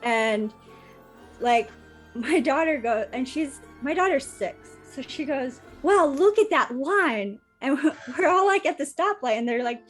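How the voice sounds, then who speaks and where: Casual woman podcast host, high bouncy voice, giggles a lot. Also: animated, a little slow, soft background music. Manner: giggly, laughs through her stories. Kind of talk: casual chat and funny storytelling.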